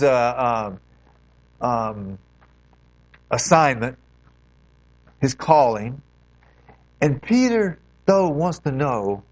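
A man preaching an earnest sermon, his voice rising and falling in lively swings as he urges his listeners on. He stretches out key phrases for emphasis. The recording sounds dull and lo-fi. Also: a little high. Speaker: pastor.

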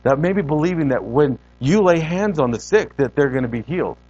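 A man preaching a sermon as a guest preacher in a church, animated and conversational, repeating words for emphasis and talking straight to the congregation. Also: fairly high pitch, brisk, no room sound, lo-fi sound.

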